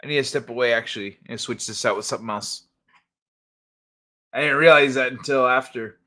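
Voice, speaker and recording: A man's voice: mid-range voice, a little fast, sharp tone. A man hosting a casual late-night stream, joking crudely and chatting with viewers. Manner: joking, crude, talks to chat. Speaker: host.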